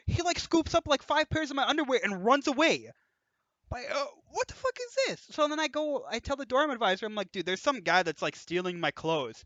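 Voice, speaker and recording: A young man hosting a casual podcast, telling animated stories, laughing and swearing freely as he talks. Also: high voice, a little fast, no room sound, dull audio. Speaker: podcast host. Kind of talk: casual storytelling chat.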